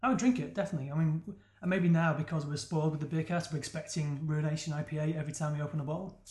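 A man hosting a casual podcast about beer, fast, rambling and jokey, recording with friends in a flat. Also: fairly high pitch. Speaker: podcast host. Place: flat in Edinburgh. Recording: roomy flat.

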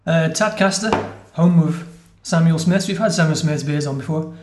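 A man's voice: on the high side, moderate pace, background noise. A man hosting a podcast, chatting casually over a beer tasting and explaining facts as he goes, correcting himself now and then. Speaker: podcast host. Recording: roomy echoey room.

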